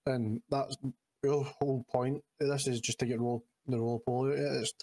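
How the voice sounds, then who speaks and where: A man co-hosts a relaxed chat show, firing off questions at a quick clip. His voice sits at a middle pitch, and he often stumbles and repeats himself. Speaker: podcast co-host. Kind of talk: casual interview chat.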